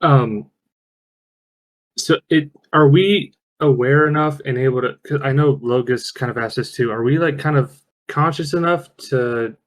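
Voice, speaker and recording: A man's voice: mid-range voice, a little slow, poor audio. A man playing a tabletop game, unsure and restarting his questions as he describes his character's actions. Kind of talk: casual game chat.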